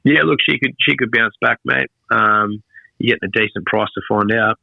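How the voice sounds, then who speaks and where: Brief: sick man, remote podcast co-host, easygoing with hesitant ums, lowish voice, dry muffled call audio. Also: moderate pace, vocal fry, no room sound. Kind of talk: casual racing podcast chat.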